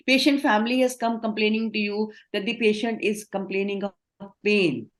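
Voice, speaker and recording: A woman's voice: mid-range voice, steady tone, normal speed. Indian woman trainer quizzing a class. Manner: explaining, asks questions and affirms answers. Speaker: communication trainer. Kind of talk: online training session.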